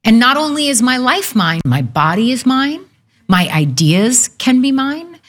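Woman in her fifties, guest, candid talk, earnest and reflective, very animated pitch. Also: unhurried. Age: 50s. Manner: reflective, earnest, laughs easily. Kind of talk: candid conversation.

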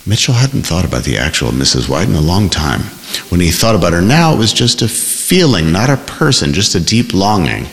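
A man reading a novel aloud in measured, expressive scripted narration, also speaking the shy bookseller's lines. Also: sits low, vocal fry, in a large hall, slight background noise. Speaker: audiobook narrator.

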